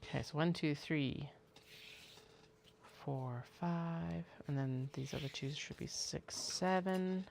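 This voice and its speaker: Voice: medium pitch, takes it slowly, gravelly, background noise. A craft maker chatting casually on a livestream, muttering to themself and counting pieces aloud while working.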